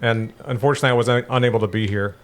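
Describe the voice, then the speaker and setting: A young adult man co-hosting a casual gaming podcast, telling stories in an animated, profane, ranting way. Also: medium pitch, very fast. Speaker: podcast co-host.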